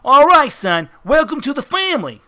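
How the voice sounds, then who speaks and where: A brash mobster henchman, as a man puts him on in a bright, high voice that leaps around. He talks tough street talk and calls everyone son, theatrical and pushy. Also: sing-song, moderate pace, heavily acted. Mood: bossy.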